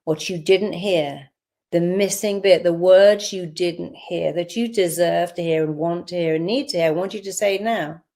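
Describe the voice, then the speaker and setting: A woman's voice: fairly low pitch, normal speed, dark tone. A woman therapist leading a guided visualization, firmly directing listeners and repeating affirmations for them to say back. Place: live online event.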